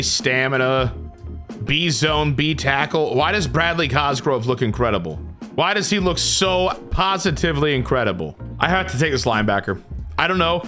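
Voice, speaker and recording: A man commenting on his own video game play, excitable and dramatic, swinging from shouts to groans. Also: on the high side. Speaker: gaming YouTuber.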